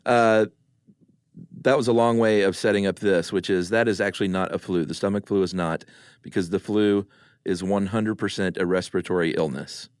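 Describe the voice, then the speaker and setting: A man's voice: sits low, fairly even intonation, normal speed, dry recording, studio quality. A man, co-hosting a podcast in casual chat and telling rambling, jokey stories. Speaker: podcast co-host.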